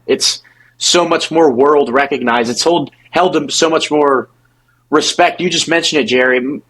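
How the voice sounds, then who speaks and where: A husky-voiced young man arguing his point in a casual sports podcast. His voice sits a bit high, and he tumbles over his words, restarting sentences as he pushes ahead. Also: a bit bright, poor audio. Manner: fast, halting, repeats words when restarting. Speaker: podcast co-host.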